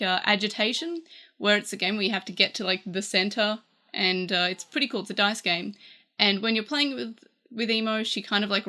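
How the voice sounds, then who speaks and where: A woman's voice: medium pitch, sharp tone. A woman with an Australian accent, chatting casually through a gadget review, rambling a little with fillers and restarts. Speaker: tech reviewer.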